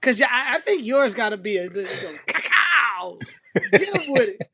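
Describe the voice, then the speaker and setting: A man's voice: very high voice, sing-song, brisk, a bit bright, husky, no echo. A man co-hosting a casual podcast, joking loosely and teasing his partner. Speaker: podcast co-host. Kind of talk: casual chat.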